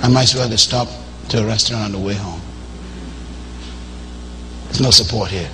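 A man's voice: lowish voice, normal speed, bright, forceful tone, low-quality recording. Man, preacher, sermon, emphatic, questions to the crowd, faint hiss behind. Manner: emphatic, call-and-response, asks questions of the congregation.

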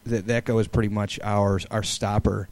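A man co-hosting a live sports podcast, giving measured analysis with hedging fillers. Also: fairly low pitch, level tone, a little mellow. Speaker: podcast co-host. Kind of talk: casual sports chat.

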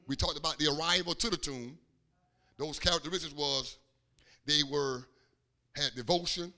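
A man pastor preaching a sermon, acting out quotes and building to loud shouts. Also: fairly high pitch. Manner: preaching with call-and-response rhythm and acted-out quotes, rising to shouts.

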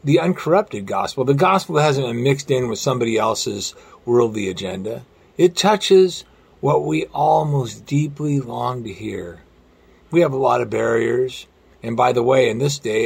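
A man preaching a sermon in an earnest way, slowing down and dropping his voice very low on quoted lines. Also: vocal fry, slightly rough. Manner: earnest, slows and drops to near-whisper on quotes. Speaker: pastor.

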